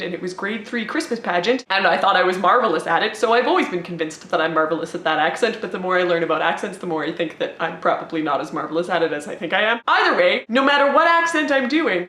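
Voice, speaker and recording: A woman's voice: medium pitch, fast talker, hardly any pauses, bright, forceful tone. A young woman, a stage actor, chatting casually to camera in a rambling, self-deprecating way. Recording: roomy echoey sound.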